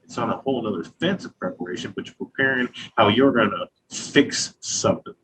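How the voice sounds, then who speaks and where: A glass artist in his thirties talks in a mid-range, fairly bright voice at a fairly quick clip during an interview. He's casual and profane, telling loose stories full of filler phrases and acting out quotes, on a low-quality recording with a little hiss or hum.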